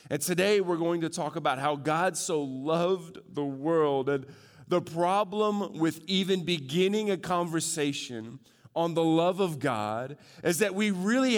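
A man pastor preaching a sermon, shifting from loud joking asides to hushed, earnest emphasis. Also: a little high, big-room sound.

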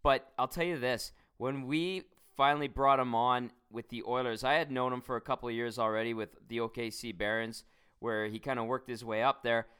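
Smooth-voiced, teasing male co-host. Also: medium pitch, fairly quick. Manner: animated storyteller, teasing. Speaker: podcast co-host. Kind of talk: casual chat.

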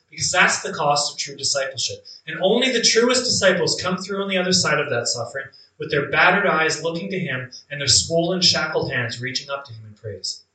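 A man's voice: a little high, bright, forceful tone. A man playing a devout early believer who is imprisoned, beaten and blinded, telling his story in an earnest, reflective dramatic monologue. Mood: resolute. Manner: earnest, reflective, with drawn-out emphatic phrases. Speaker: actor in a first-person monologue. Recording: echoey room, mic at a distance.

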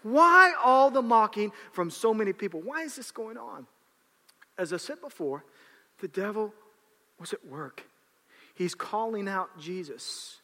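A man preaching a sermon, animated and dramatic, often repeating words as he acts out scenes, in a church hall with long reverb. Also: high-pitched, measured pace.

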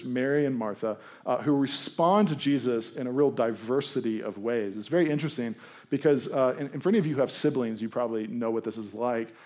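A man's voice: medium pitch, a little mellow. A man in his thirties giving a conversational sermon as a pastor, with self-deprecating asides and quoted voices he acts out. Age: 30s.

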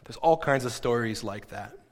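A man's voice: medium pitch, normal speed. Man preaching in a reverberant church. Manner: storytelling, animated, acts out quoted voices. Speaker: pastor. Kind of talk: sermon. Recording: long hall reverb.

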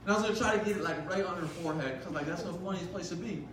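A young man preaches with a high, bright voice, telling a comic school story full of "like" and quick asides. He sounds a little off-mic, and the hall echoes hard around him. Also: distant mic, slight background noise. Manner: animated, comic storytelling with lots of "like". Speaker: youth pastor. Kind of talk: sermon with storytelling. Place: large hall.

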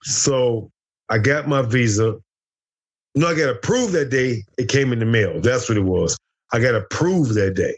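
Speaking at normal speed in a husky, animated, medium-pitched voice, a middle-aged American ex-fighter tells a wild story as an interview guest. He's loud and profane, performing the dialogue as he goes.

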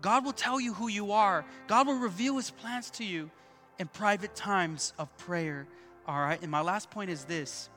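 A man's voice: sits high, measured pace, sharp tone, soft background music. A male pastor preaching a sermon at a church service, emphatic, repeating key points and calling out to the congregation.

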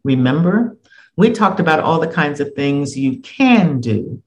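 A woman's voice: very deep voice, sing-song, a little slow, muffled recording, full character voice. A man voicing a young woman schoolteacher who speaks to her class in a firm, encouraging tone. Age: young adult.

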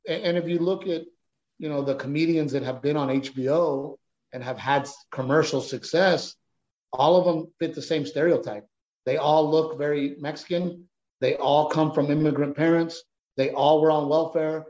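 A man who is a stand-up comedian, telling stories in an interview in a lively conversational way and acting out other people's voices. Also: a little high, roomy sound, lo-fi sound. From United States. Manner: animated storytelling, acts out other voices.

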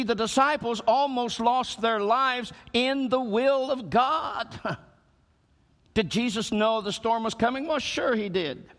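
High-voiced preacher in a reverberant hall. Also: male voice, a bit bright. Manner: preaching with emphatic rises and slow, stretched phrases. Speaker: pastor. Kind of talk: sermon.

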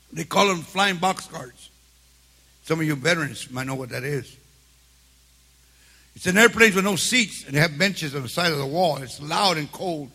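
Raspy, gravelly older man preaching. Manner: builds from low storytelling to shouted exhortation; streetwise, repeats words at restarts. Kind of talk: sermon with personal stories.

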